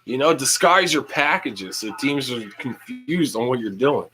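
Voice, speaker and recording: A young man hosting a livestream, casually reacting to a live football game, reading chat aloud and yelling at big plays. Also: mid-range voice, lively intonation, measured pace, slight background noise, poor audio. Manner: casual, slangy. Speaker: livestream host.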